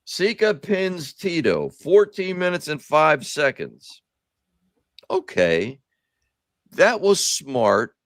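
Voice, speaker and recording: A man's voice: on the low side, no echo, clean studio sound. A man hosting a podcast, chatting in a rambling, profane, nostalgic way. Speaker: podcast host. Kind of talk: casual chat.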